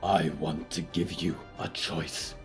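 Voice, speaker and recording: A man voicing a gentle stitched being who speaks softly and formally, earnest and solemn. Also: extremely low pitch, level tone, slow pace, music in the background, pitched below the performer's own voice. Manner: soft, quiet, formal speech without contractions.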